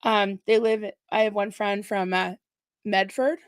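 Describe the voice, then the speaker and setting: A woman's voice: mid-range voice, fairly even intonation, smooth. Bubbly woman co-hosting a stream. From Massachusetts, US. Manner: bubbly, laughing, quick asides. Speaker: co-host of a livestream. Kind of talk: casual livestream chat.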